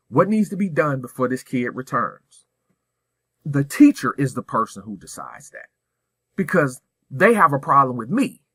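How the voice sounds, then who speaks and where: Male school administrator, bright forceful voice, dry close sound, blunt emphatic delivery for a staff training. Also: medium pitch, slightly rough, dry recording. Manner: direct, emphatic, rhetorical questions. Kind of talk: professional development talk.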